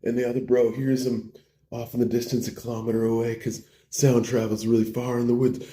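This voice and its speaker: Dark-voiced man telling a laid-back story. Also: mid-range voice, steady tone, fairly quick. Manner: slangy, laid-back, full of like and bro. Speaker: preacher. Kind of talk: casual parable storytelling. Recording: roomy echo.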